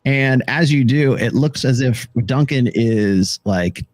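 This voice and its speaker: A man narrating a tabletop game as game master, halting and searching for words, laughing often. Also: medium pitch, no echo.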